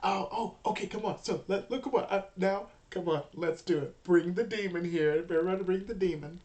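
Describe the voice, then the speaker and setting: A woman's voice: fairly low pitch, fairly quick, darkish tone, natural voice. A woman playing a gushing, oblivious churchgoer. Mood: giddy. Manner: gushing, exclamatory. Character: giddy adult churchgoer, thrilled and oblivious.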